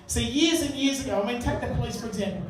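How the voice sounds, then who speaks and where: Crude stand-up comic, echoey pub. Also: male voice, very high-pitched, quick pace. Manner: crude, conversational, banters with the crowd. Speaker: stand-up comedian. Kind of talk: stand-up comedy set. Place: live pub venue. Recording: echoey room, mic far off. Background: audience laughter.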